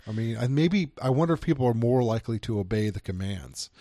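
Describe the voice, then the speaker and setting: A man's voice: mid-range voice, lively intonation, quick pace, dark tone, no room sound, studio quality. A man co-hosting a film podcast, chatting casually and reading review quotes aloud with hesitant restarts. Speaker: podcast co-host.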